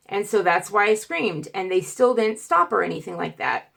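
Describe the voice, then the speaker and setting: A woman vlogger talks straight to camera, retelling a hard experience in a casual, animated way. She stutters and restarts often and acts out what people said. Her voice sits at a medium pitch and rises as the story gets more intense. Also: fairly quick, creaky. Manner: animated, acts out quotes, grows loud and emotional.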